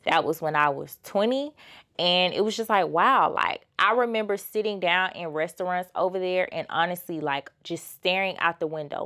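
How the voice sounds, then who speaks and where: A woman's voice: on the low side, a bit bright. A young woman, giving a chatty, emphatic motivational vlog monologue. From Georgia, USA. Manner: emphatic and chatty, full of fillers and rhetorical "okay?". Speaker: lifestyle motivational vlogger.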